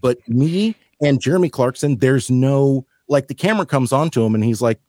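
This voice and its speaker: Wry, relaxed man, dry close mic. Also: medium pitch, moderate pace, dry recording. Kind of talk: casual chat.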